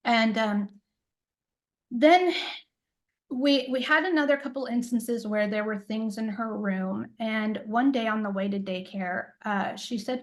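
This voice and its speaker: Speaking at a measured pace in a slightly high voice, with poor audio, a middle-aged intuitive coach tells a personal story in a casual interview. She rambles, leans heavily on fillers, and acts out what people said.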